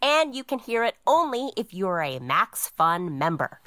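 A woman's voice: mid-range voice, big pitch swings, a little slow, sharp tone, no echo, clean studio sound. A woman co-hosting a podcast and reading out the show's credits. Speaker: co-host.

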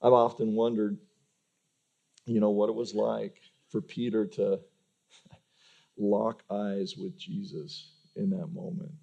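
A male pastor preaches in a loose, conversational way, stumbling over and repeating his opening words. His voice is gravelly with a dark, mellow tone. The recording sounds dull and lo-fi. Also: lowish voice, level tone, slow pace, pauses often. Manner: conversational, repeats words when starting sentences. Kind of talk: sermon.

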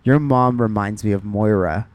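A man's voice: on the low side, normal speed. A man co-hosting a casual podcast, telling a funny story with lots of laughter and acted-out quotes. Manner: animated storyteller who laughs a lot. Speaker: podcast co-host. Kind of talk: casual chat.

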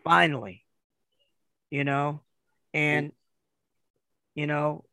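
A middle-aged man from Kansas City talks through his life on tour as a retired wrestler. His voice sits a little high and has a rough, gravelly grain. He tells it casually and animatedly, slipping into the voices of the people he quotes, with a dry, close sound. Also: extremely slow, no echo. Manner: animated, acts out quoted dialogue. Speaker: retired pro wrestler, guest. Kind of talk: casual storytelling.

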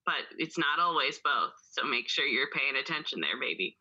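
A woman's voice: rumbling low, expressive, moderate pace, few pauses, sharp tone, slightly rough, highs cut off. A woman co-hosting a podcast in casual chat, chatty and laughing often, reading passages aloud. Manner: chatty, laughs often, calls listeners baby. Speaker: podcast co-host.

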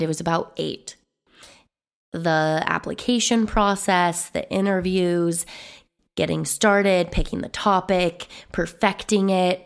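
This woman hosts her own podcast alone, speaking at an unhurried pace. Her voice is slightly hoarse and still recovering. She stays upbeat and conversational and rolls through long lists of points. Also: mid-range voice. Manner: upbeat and chatty, lists things in quick runs. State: hoarse, voice not fully recovered. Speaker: podcast host and business coach. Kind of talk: solo podcast monologue.

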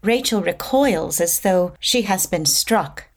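Slow-reading woman narrator. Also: lowish voice, animated. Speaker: narrator reading stage directions. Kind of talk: measured stage-direction narration.

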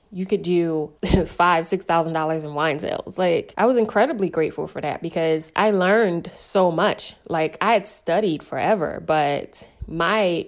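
A woman sommelier telling her story in a casual interview, candid and chatty, often saying "like". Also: on the low side. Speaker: sommelier guest.

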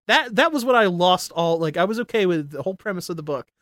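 A man's voice: high voice, fast talker, dry recording. Swearing young man ranting in dry sound. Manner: animated ranting, heavy swearing, laughs often. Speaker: podcast co-host. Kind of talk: casual profane chat.

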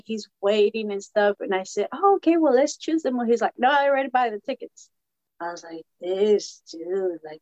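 A woman tells her story with lively, acted-out dialogue. Her voice sits a little high. The sound is muffled and dry, with no room echo. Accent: Latina American English. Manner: animated, acts out quoted dialogue. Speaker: podcast guest. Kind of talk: casual storytelling chat.

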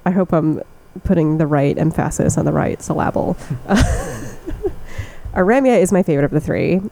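A woman's voice: low-pitched, lively intonation, moderate pace, dark tone, rough recording. A young woman co-hosting a casual chat, describing scents in detail and laughing often. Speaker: podcast co-host. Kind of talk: casual chat about fragrances.

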